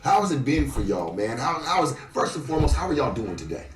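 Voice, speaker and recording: A man hosts a podcast interview in a loose, rambling way, full of fillers. His pitch is middling. He sits back from the mic in an echoey studio. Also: sing-song, fast talker, recorded from a distance. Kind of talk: casual interview.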